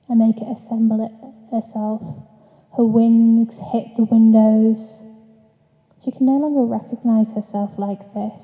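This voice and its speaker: A woman reads her poetry aloud at a live event, slow and deliberate, her raised voice held in a flat, even line. The sound is thin and phone-like, and a long echo hangs in the hall around her. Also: a little high. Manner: measured, deliberate reading with brief asides between sections. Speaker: poet. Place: festival event venue. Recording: tinny echoey hall recording.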